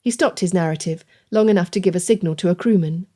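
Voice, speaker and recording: A woman reading a romance novel aloud as audiobook narrator, in a steady, measured way. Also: mid-range voice. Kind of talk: scripted narration.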